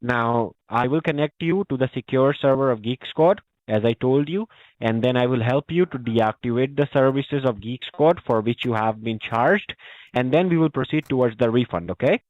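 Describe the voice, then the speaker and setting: A man's voice: medium pitch, moderate pace, no echo. Polite, apologetic man on a muffled line. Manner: overly polite, apologetic, keeps saying ma'am. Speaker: scam caller posing as tech support. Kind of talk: scripted support phone call. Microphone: phone.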